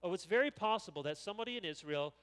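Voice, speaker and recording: A man preaching a sermon as pastor, animated and acting out the voices he quotes. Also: high-pitched, very fast, clean tone. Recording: long reverb of a large hall.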